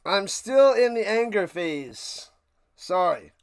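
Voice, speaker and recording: High-pitched guy with a gravelly edge, ranting n calling plays on a watch party stream. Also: lively intonation, slow. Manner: ranting, sarcastic, talks to chat. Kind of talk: live play-by-play and casual rant.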